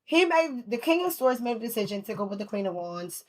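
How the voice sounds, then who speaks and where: A woman's voice: on the high side, sing-song, a little fast. A woman giving a casual tarot reading at home. She is chatty, laughs often and swears freely. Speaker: tarot reader.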